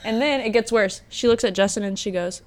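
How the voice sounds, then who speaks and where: A young woman hosting a podcast, telling a story in a casual, animated way and laughing often. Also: mid-range voice, a little fast. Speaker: podcast host. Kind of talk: casual chat.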